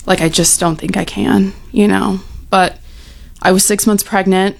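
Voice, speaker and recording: A young woman speaks openly about her own life, her mid-pitched voice catching in a gravelly fry. She talks in a frank, heartfelt way, leaning on "you know" and "like", and at times she sounds close to tears. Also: steady tone, measured pace, a little mellow. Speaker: recovery storyteller. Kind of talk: personal testimony, casual.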